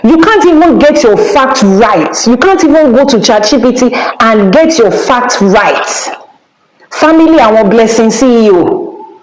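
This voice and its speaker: A woman's voice: on the high side, lively intonation, measured pace, echoey room, poor audio. A Nigerian woman with a Nigerian accent, giving a spiritual teaching as an Ifá priestess in an emphatic, scolding manner and dropping in Yoruba phrases.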